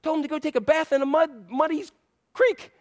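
Brief: male pastor, high voice, animated and playful sermon delivery. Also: a little fast. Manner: animated, playful, repeats phrases.

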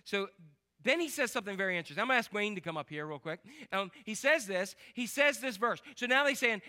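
A man preaching a lively, joking sermon in church and quizzing the congregation. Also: high voice, fast talker. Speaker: pastor.

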